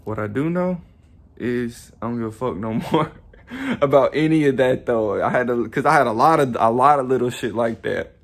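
A man's voice: medium pitch, moderate pace. A young man talking straight to camera in a rambling, profane, self-reflective vlog monologue, often laughing at himself. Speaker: YouTuber. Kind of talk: casual motivational monologue.

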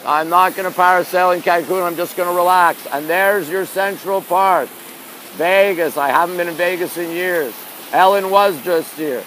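On a rainy city street at night, a man with a New York accent live-streams with a phone in one hand, chatting casually and reading viewer comments aloud. His voice sits high with a fairly bright tone, and faint street noise carries behind him.

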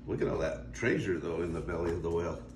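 An older man, a grandfather, reading a children's picture book aloud with a chuckling, lively manner. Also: low voice, quick pace, roomy sound, noisy background. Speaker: grandpa storyteller.

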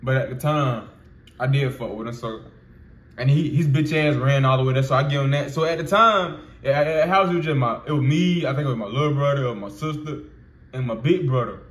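A man's voice: mid-range voice, brisk, echoey room. A man in his twenties telling a personal story in loose, profane slang with lots of fillers. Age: 20s. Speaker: vlogger. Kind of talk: casual storytelling.

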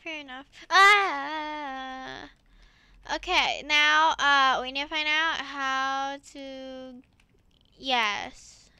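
A woman narrates her game in a high, piercing, very bright voice, veering from unhurried musing to squealing excitement and giggles. She speaks close to the mic in a dry, dead room with no echo. The delivery is playful commentary for viewers. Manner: excitable, squeals and laughs while playing. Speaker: gaming YouTuber.

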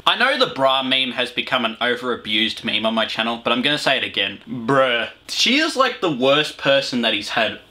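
A man's voice: medium pitch, animated, fairly quick, few pauses, sharp tone. A teenage Australian man rambling through a crude, swearing reaction commentary at home. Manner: rambling, swearing, frequent fillers. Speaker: reaction video host. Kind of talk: profane comic reaction commentary. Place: small room at home with a heater running.

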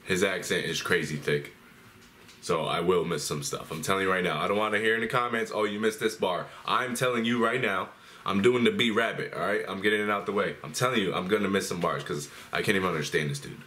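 Casual American male reaction host, low-pitched and forceful, blunt and direct with viewers. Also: steady tone, fairly quick. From United States. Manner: blunt, talks straight to viewers.

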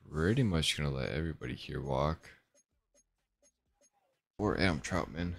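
A young man hosting his own gaming channel, giving relaxed, rambling commentary and thinking aloud as he plays. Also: low-pitched, vocal fry, dry recording. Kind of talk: casual gameplay commentary.

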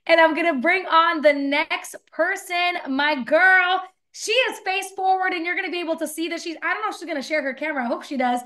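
A woman's voice: very high voice, fairly quick, hardly any pauses, sharp tone. A woman hosting a webinar over a video call, gushing and effusive as she praises her guests. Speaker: webinar host.

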